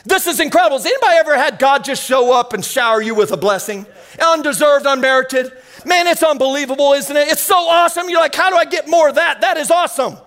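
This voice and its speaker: A man preaching a sermon as pastor, telling a family story with energetic exclamations. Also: very high-pitched, fast.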